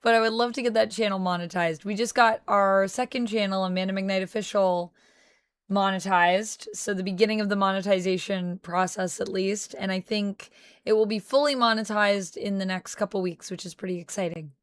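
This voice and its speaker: A woman's voice: medium pitch, fairly even intonation, normal speed, dry recording. A woman streamer chatting casually on a livestream, reading viewer comments aloud and answering them, at times in a playful mock French Canadian accent.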